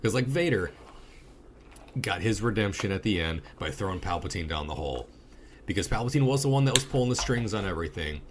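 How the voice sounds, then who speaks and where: A man with a very low voice co-hosting a casual movie review podcast. He talks bluntly and profanely, and there is a faint hiss under the recording. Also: fairly quick. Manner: blunt, profane, animated storytelling. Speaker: podcast co-host.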